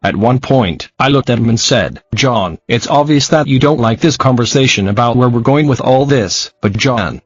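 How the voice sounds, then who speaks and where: A man reading a true-crime podcast transcript aloud, speaker names and spelled-out letters included, in a flat, even delivery. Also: mid-range voice, breathy edge, dry recording, lo-fi sound.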